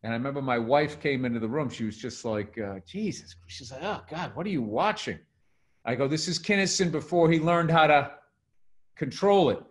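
Animated middle-aged man telling stories. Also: mid-range voice, brisk. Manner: animated storytelling, swearing, acts out quotes. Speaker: podcast co-host, comedian. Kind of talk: casual podcast chat.

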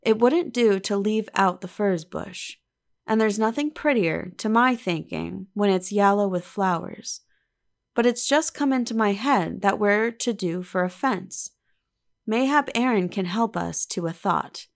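A woman voicing a gentle, tender old village weaver who speaks slowly in a rustic way. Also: mid-range voice, expressive, gravelly. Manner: slow, soft and rustic.

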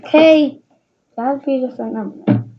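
In a dull lo-fi recording with faint noise, a woman walks through magic tricks as a casual how-to. Her voice sits on the high side, with fairly even intonation and a measured pace, and her delivery is rambling and hesitant.

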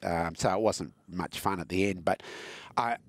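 A man's voice: low-pitched, moderate pace, vocal fry. A middle-aged Australian man with a scratchy, coughing throat, rambling and self-mocking with frequent ums in a casual podcast interview. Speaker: former motorsport executive, guest.

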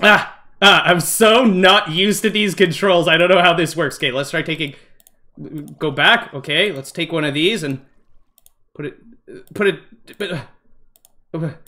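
A man hosting a let's-play gaming commentary, excitable and easily startled, narrating every move and talking to viewers as "guys". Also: fairly high pitch, moderate pace, pauses often. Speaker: gaming channel host.

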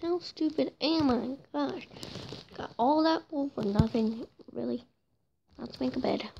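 A woman's voice: high voice, unhurried, gravelly, dark tone, slight background noise. A woman giving casual, chatty game commentary from home, often mocking herself and apologizing, on a dull home mic. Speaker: gameplay commentator. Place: home room with noisy brothers and a cat.

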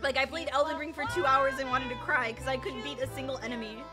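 A woman with a high, bright voice talks through a video game live, excitable and quick to exclaim, swearing freely along the way. She speaks close into a desk microphone while the game's music plays clearly underneath. Her talk is loose and chatty, as if she is reacting to her viewers in real time. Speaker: streamer. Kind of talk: live gameplay commentary.

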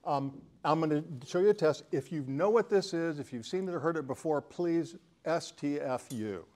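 A man's voice: fairly high pitch, normal speed, a little mellow. Older man joking through a talk. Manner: joking, chatty, banters with the audience. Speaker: talk presenter. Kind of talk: casual presentation to a live audience.

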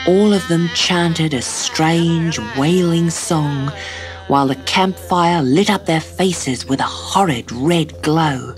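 A woman narrating a children's storybook tape in a measured, expressive way. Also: low voice. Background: soft story music.

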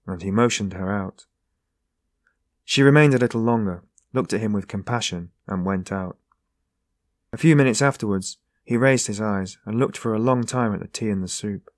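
A man reading a classic novel aloud in a measured, even narration. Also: lowish voice, no room sound, clean studio sound. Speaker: audiobook narrator. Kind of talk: scripted narration.

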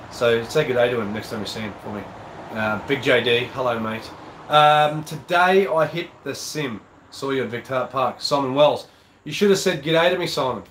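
A man's voice: mid-range voice, roomy sound, background noise. Chatty Australian man with a stuffy cold. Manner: casual, chatty, rambling with fillers. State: nasal from a cold. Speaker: golf channel host. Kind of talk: live-stream chat reading viewer comments.

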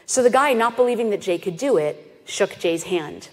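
A woman, founder of an animal sanctuary, giving an animated storytelling presentation and acting out the voices of people in her story. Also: medium pitch, normal speed. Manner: animated, acts out quoted voices. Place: festival stage in a hall. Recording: reverberant lecture hall.

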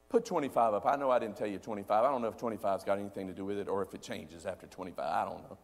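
With a lowish, creaky voice and a steady tone, a male pastor talks fast through his sermon. He calls for the congregation to answer back, veering between loud bursts and hushed, almost whispered asides, heard through long hall reverb.

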